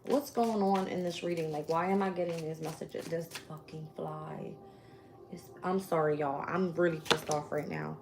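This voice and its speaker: A tarot reader with a lowish voice talks a little fast, barely pausing, against a noisy background. Her live-stream reading is casual and blunt, full of swearing as she thinks aloud, shuffles, and names each card she pulls.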